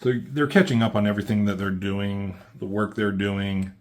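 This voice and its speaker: Low-voiced, laid-back comic book reviewer guy. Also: moderate pace. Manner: rambling, filler-heavy, laid-back. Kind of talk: casual comic recap.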